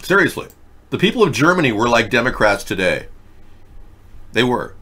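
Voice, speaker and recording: A man's voice: medium pitch, sing-song, moderate pace, sharp tone, husky. A man hosting a casual political commentary show, reading headlines aloud with sarcastic, mocking asides. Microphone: webcam setup.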